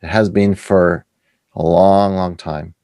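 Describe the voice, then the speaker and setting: Deep gravelly man telling stories. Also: slow, no echo. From Canada. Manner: animated anecdotes with quoted voices. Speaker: author and guest. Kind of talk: casual storytelling interview.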